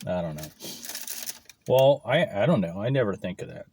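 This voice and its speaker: A man's voice: on the low side, lively intonation, moderate pace, darkish tone, slight background noise. A man vlogging casually while he eats lunch, rambling and swearing freely, recorded without his clip-on mic. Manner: rambling, profane, swears often. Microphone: camera mic, no clip-on mic.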